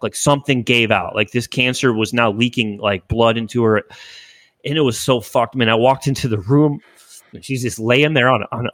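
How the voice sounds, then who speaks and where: A man's voice: mid-range voice, a bit bright, no echo. A young man hosting a podcast, telling an emotional story in a rambling casual way with frequent swearing. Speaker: podcast host. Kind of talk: casual chat.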